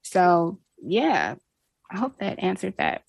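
A woman's voice: on the low side, very animated, slow, creaky, husky. A young adult woman, a guest in a casual interview, talking in a bubbly way and laughing often.

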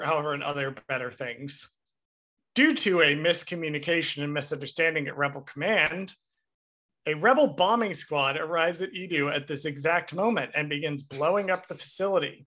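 An animated man recaps a movie on a podcast with clear enthusiasm and casual swearing. His voice is bright and sits a little high. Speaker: podcast co-host.

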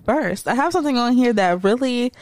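A woman hosting a casual podcast chat, laid-back and quick to murmur agreement. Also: fairly high pitch, a little mellow, no echo. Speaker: podcast host.

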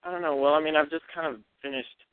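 A hesitant teenage caller from New Mexico speaks over a tinny phone line. His voice is mid-pitched and dry, and he halts often and fills pauses. He sounds unsure of his words. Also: steady tone, smooth, dry recording. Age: teens. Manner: hesitant, halting, full of fillers. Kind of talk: phone call to a radio show.

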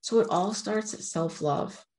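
A woman's voice: mid-range voice, a little slow, a little mellow. A woman giving an earnest, encouraging motivational talk, speaking straight to her viewers. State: near tears at moments. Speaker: self-help speaker.

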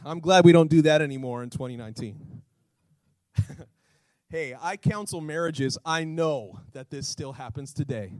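A man pastor preaching a sermon, animated, asking the congregation rhetorical questions and acting out little scenes. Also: a little high, moderate pace, pauses often, no room sound, low-quality recording.

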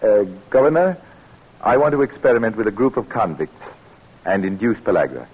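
An actor playing a determined middle-aged male doctor in a 1940s radio drama, speaking in an earnest, measured way with a husky voice. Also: on the low side, very animated, a little mellow. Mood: polite, persuasive. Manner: earnest, measured, flares into anger. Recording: dull lo-fi old radio recording.

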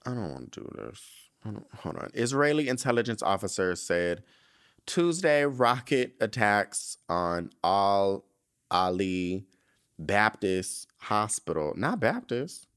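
A man's voice: lowish voice, expressive, slow pace, fairly bright tone, smooth. Sassy campy young man riffing on headlines. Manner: sassy, campy, reads headlines then riffs with side comments. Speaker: podcast host. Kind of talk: casual solo commentary on celebrity news.

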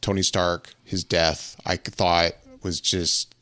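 Very deep-voiced man in casual chat. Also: level tone, slow pace, sharp tone, dry recording. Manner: rambling, lots of fillers and restarts. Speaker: podcast host.

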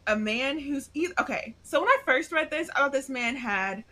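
Southern lady podcaster, bright voice, rambles through the plot with restarts. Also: high voice. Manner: animated, recaps plot with quick asides and restarts. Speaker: podcast co-host. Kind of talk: casual book club chat.

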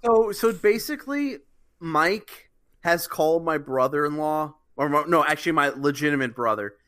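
A tipsy man holds court on a casual podcast, looping back over his words and laughing along the way. His voice is bright and sits a little high for a man. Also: animated, moderate pace. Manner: rambling, repeats himself, laughs often. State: drunk. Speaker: podcast co-host. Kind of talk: casual drunken chat.

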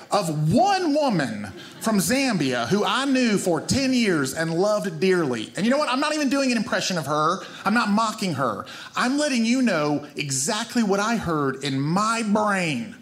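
A man's voice: high voice, very animated, unhurried, fairly bright tone. A man with a Southern US accent doing stand-up, telling a story with self-mocking asides. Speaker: comedian.

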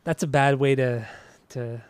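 A man's voice: medium pitch, steady tone, a little slow, darkish tone, slight background noise. A man hosting a podcast in casual chat, teasing his co-host and laughing easily. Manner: easygoing, teasing, laughs often.

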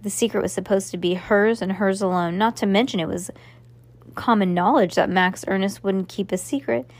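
A woman reading a children's novel aloud with steady narration, stumbling and restarting now and then. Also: medium pitch, normal speed. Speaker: reader.

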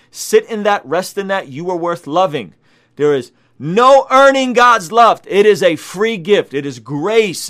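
A man's voice: a little high, fairly bright tone. A man hosting a Christian video, preaching emphatically and repeating his key points. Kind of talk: preaching commentary.

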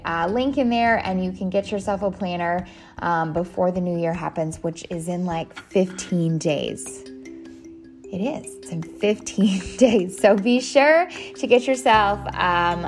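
A woman's voice: lowish voice, measured pace, darkish tone, soft background music. A woman in her thirties hosting a podcast, chatting casually with lots of fillers and restarts. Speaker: podcast host. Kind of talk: casual solo podcast talk.

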